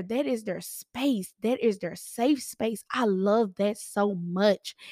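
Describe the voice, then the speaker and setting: A hoarse woman in her thirties with a raspy voice, hosting a casual podcast and chatting to listeners as y'all. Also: on the high side, no room sound, studio quality. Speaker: podcast host, realtor.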